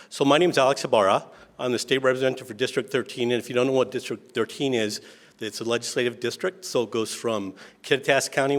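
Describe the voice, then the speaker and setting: A middle-aged man from Washington State, a legislator giving informal remarks at an event, telling folksy, self-deprecating stories with frequent restarts. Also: medium pitch.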